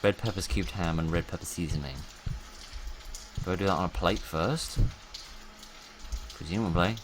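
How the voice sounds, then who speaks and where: A man's voice: sits low, moderate pace, noisy background. A man chatting wryly to himself as he plays a game, talking through each step in a casual, rambling way. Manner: wry, chatty, talks to himself while playing. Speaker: gaming YouTuber. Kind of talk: casual let's-play commentary.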